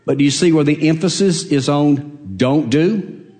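A man's voice: fairly high pitch, measured pace, warm tone. A man preaching a sermon, emphatic, repeating his phrases and asking rhetorical questions.

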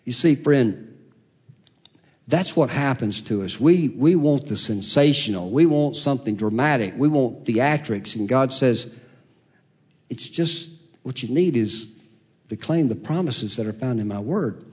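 A male preacher of ordinary pitch delivers a sermon in a gentle, unhurried way rather than shouting. He reads scripture in its old wording and drops to near silence when voicing God. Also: animated, slightly rough. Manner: soft-spoken, dropping to a whisper for God's voice.

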